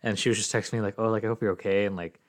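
A young man in casual sports chat, telling animated stories and acting out what others said. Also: lowish voice, very fast. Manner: animated storytelling, acts out quotes.

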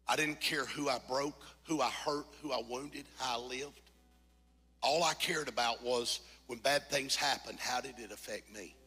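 Pastor, husky and very bright, preaching over soft music in a reverberant church. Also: male voice, mid-range voice. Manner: moves from quiet confession to shouted, sung preaching climax. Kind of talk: sermon. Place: church sanctuary.

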